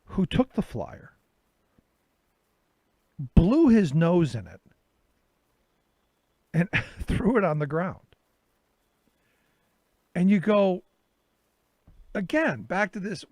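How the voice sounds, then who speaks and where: A middle-aged man hosts a talk show and tells a story in a loose, casual monologue, acting out the exchanges he had. His voice sits a little high for a man. The sound is close and dry, with no room behind it. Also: extremely slow, long pauses, no room sound. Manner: animated storytelling, reenacts his own exchanges.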